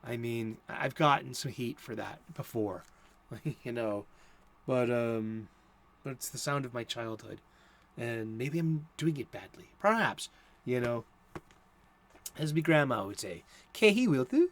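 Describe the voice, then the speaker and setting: A man's voice: mid-range voice, a little slow, pauses often, fairly bright tone. A middle-aged American man hosting a casual chat, rambling with many fillers and restarts. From United States. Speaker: host.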